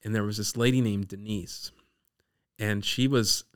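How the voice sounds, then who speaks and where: A man from the Eastern Shore of Maryland tells a personal story as a podcast guest. His voice sits low and sounds smooth and resonant. He tells it in an animated way. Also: measured pace. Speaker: guest sharing his testimony.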